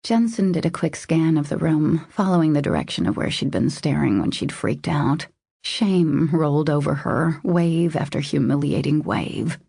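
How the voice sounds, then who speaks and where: A woman narrating a romance audiobook in a steady, measured reading style. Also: low-pitched, gravelly, husky, no echo, studio quality. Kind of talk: scripted narration.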